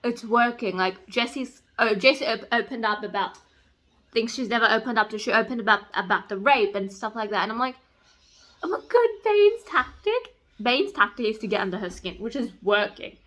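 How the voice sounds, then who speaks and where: A young woman talking about a book in a casual vlog. She is excitable, swears freely and says "like" a lot. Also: medium pitch, fairly quick. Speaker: book vlogger. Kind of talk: casual reading vlog chat.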